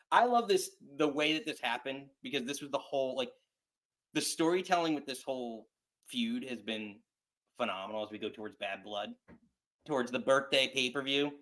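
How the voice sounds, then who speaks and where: A man hosts a laid-back wrestling chat, rambling through his points and often stopping to restart. His voice sits at an everyday, mid-range pitch. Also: sharp tone. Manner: rambling, halting, many restarts. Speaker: podcast host. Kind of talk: casual chat.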